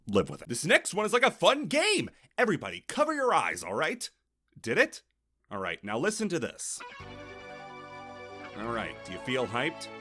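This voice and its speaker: A man's voice: mid-range voice, pushed and bright. A man hosting a comedic video essay, narrating with sarcastic, jokey asides.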